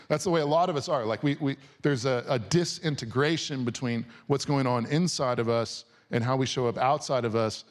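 A man in his forties preaching a sermon to a congregation in a casual, conversational way, dropping from soft, slow words to loud bursts. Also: medium pitch. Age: 40s. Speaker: pastor. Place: church or auditorium before a congregation.

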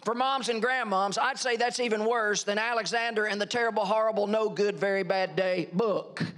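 A middle-aged man preaching a sermon as a pastor, emphatic and animated, full of rhetorical questions. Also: high-pitched, moderate pace.

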